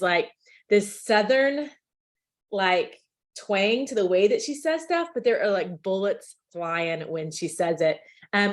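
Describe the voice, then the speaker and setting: A woman hosting a video call, chatty and enthusiastic, with lots of filler words. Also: fairly low pitch. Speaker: meeting host.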